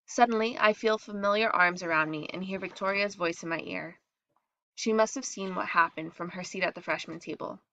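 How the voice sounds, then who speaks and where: A woman reads a first-person story aloud at a fairly quick pace, briefly voicing the other girls and acting out their lines with shifts in pitch and loudness. The recording is muffled, with a little hiss or hum.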